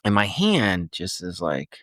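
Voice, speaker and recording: A man's voice: low-pitched, slow, no echo, clean studio sound. A man in his fifties, a coach and former nurse, telling a personal story in a podcast interview in a loose, chatty way with frequent restarts. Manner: animated storyteller, loose and chatty, restarts often and acts out other people's words.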